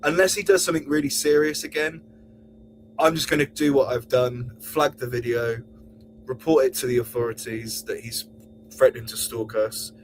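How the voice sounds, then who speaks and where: A man hosting a podcast, ranting angrily and swearing, sometimes mocking others in a high voice. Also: moderate pace, slight background noise, low-quality recording. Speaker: podcast host. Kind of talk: heated podcast rant.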